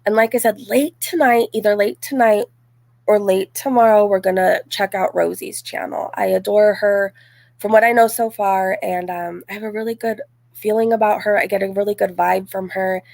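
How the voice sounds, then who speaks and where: A woman in her forties chats her way through viewer comments on a live stream, mid-pitched with a gravelly, fry-touched voice. She talks loosely, full of "like" and "um". The sound is close and dry, with no room around it. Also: fairly even intonation, moderate pace, darkish tone, no room sound. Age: 40s. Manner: chatty, frequent "like" and "um", laughs easily. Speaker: live-stream host reading chat. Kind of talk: casual live-stream chat.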